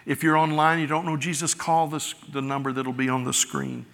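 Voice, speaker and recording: A middle-aged male pastor preaching a sermon, swelling loud on key words and then dropping soft. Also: on the high side, animated, a little fast. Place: large church sanctuary. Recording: church hall reverb.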